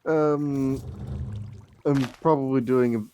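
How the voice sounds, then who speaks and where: A man's voice: medium pitch, fairly even intonation, slow pace, dark tone, a little hiss or hum. A man bantering and cracking jokes with a friend during a game. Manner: joking, teasing. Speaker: co-player. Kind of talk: casual gaming banter.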